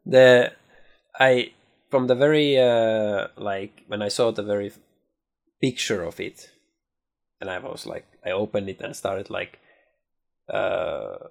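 A man's voice: fairly low pitch, creaky. A man in casual chat about films, talking hesitantly with many fillers and restarts.

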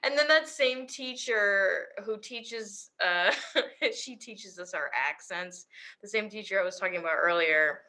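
Young woman, podcast co-host, giggly, self-deprecating, bright tone, slow delivery. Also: mid-range voice. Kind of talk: casual chat.

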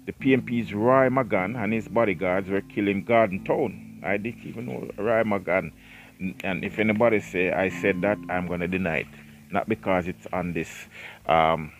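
A man's voice: on the low side, low-quality recording. A man hosting a casual solo podcast, reading a book aloud and breaking off into self-mocking, rambling asides. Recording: clear music playing behind the voice.

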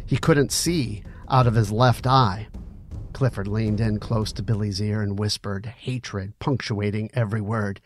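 A man reading a story aloud in steady, dramatic audiobook narration. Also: on the low side, a little slow, faint music behind.

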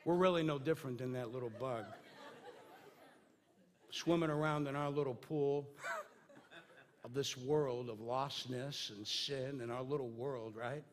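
A man's voice: medium pitch, fairly even intonation, unhurried, long pauses, a faint crowd. A man preaching a sermon in a conversational way, with many fillers and restarts. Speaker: pastor.

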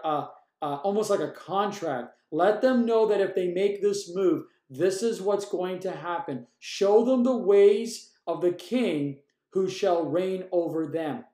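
Earnest high-voiced preacher in echoey room. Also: male voice, mellow. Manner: earnest, emphatic, varies pace while reading. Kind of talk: sermon with scripture reading.

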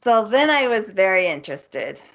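A woman co-hosting a podcast, recapping a show's plot in a casual, animated way and acting out the characters' lines. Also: medium pitch, moderate pace, vocal fry. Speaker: podcast co-host. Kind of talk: casual chat. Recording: muffled lo-fi audio.

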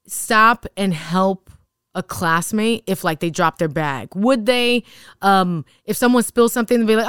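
This is a woman in her thirties, a teacher who co-hosts a podcast. She tells animated classroom stories in a casual way and slips into other people's voices for quotes. Her voice is smooth and clear, recorded close and dry. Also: medium pitch, measured pace, no room sound.

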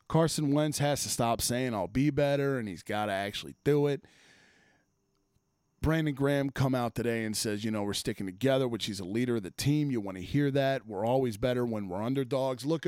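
In a mid-range voice with a darkish tone, a former offensive lineman, an adult host, goes on a profane, exasperated sports rant, blunt and cursing freely. The recording is clean studio sound with no echo.

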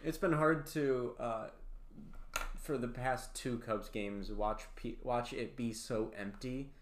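A man's voice: medium pitch, fairly even intonation, slow. Podcast co-host, man, easygoing sidekick, roomy recording with a light hiss. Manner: laid-back, backchanneling, dry quips. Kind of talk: casual chat.

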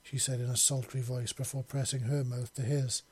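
A man narrating a romance story as an audiobook, steady, with small self-corrections. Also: medium pitch, normal speed, husky, no room sound.

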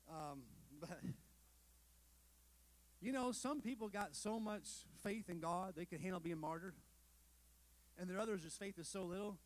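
Through poor audio, a man's slightly high voice can be heard as he preaches a sermon. The pastor's style is conversational, with rhetorical questions, asides, and self-deprecating humor directed at the congregation.

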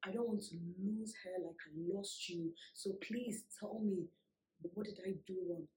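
A woman's voice: mid-range voice, moderate pace, warm tone, a little hiss or hum, lightly acted, rough recording. A woman voicing her pleading, confused young ex-boyfriend as she retells a story.

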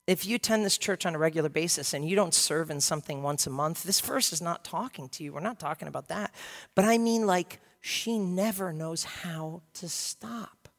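Lively preaching man in a hall. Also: fairly high pitch, normal speed, creaky. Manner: lively, humorous, acts out scenes. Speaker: pastor. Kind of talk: sermon.

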